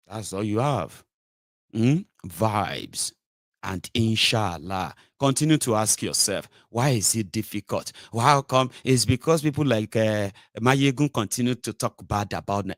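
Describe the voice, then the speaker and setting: A political commentary host with a Nigerian accent delivers a sarcastic, opinionated monologue, mocking and rhetorical. His lowish voice has lively intonation and a measured pace. The sound is clean studio audio with no room echo.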